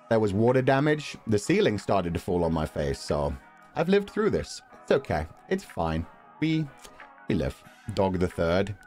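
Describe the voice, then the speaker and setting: A young man casually commenting on a game as he plays, rambling and quick to laugh. His voice sits low yet swings with lively pitch, with faint music running behind. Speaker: streamer.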